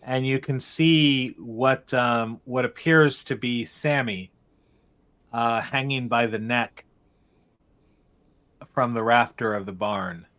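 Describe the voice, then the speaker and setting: Male game master, mid-pitched voice, loose narration full of restarts, tabletop session. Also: fairly bright tone. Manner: meandering, halting narration with frequent restarts.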